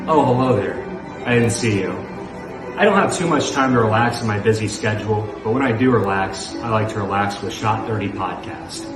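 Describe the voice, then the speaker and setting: A man doing a low suave ad voice. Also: normal speed, natural voice. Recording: roomy, distant, with loud music.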